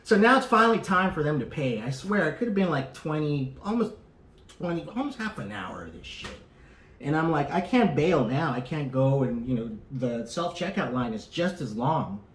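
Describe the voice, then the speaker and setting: Brief: swearing male podcast co-host, higher voice, animated retelling, echoey room. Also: a little hiss or hum. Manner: profane, animated, acts out the people in his story. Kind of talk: casual storytelling. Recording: roomy echo.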